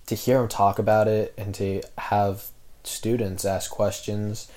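Low-voiced young man, earnest casual chat. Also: little pitch movement, measured pace, a little mellow. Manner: earnest, filler-heavy, teasing. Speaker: podcast co-host.

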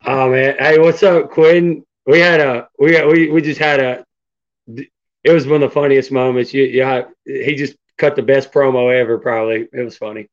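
A man's voice: medium pitch, steady tone, normal speed. A man hosting a podcast, chatting loosely and hyping his guests. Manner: hyped, loose, lots of "man" and "dude". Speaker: podcast host. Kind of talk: casual interview chat. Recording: dull lo-fi audio.

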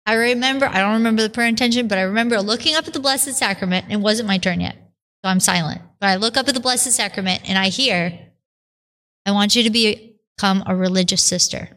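Speaking fast in a mid-range voice, a nun tells a podcast interviewer how she found her calling, vividly performing each quote she repeats.

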